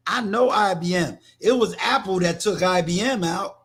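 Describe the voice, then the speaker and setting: A man's voice: high-pitched, moderate pace, a bit bright, husky. An older man from New York hosting a livestream, talking to his viewers in an emphatic, preachy way and often repeating words. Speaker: livestream host. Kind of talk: casual livestream talk.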